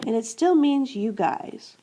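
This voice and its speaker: In a high, expressive voice that's a little slow and dark, with some hiss or hum in the audio, a Spanish teacher from the United States delivers a classroom-style grammar lesson. She explains step by step, repeats verb endings and answers the questions she asks.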